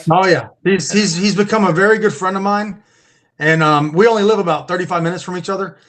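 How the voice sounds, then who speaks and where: Male podcast guest, high voice, rambling casual storyteller. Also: fast, fairly bright tone. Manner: rambling, repeats and restarts words. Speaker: podcast guest, Bigfoot researcher.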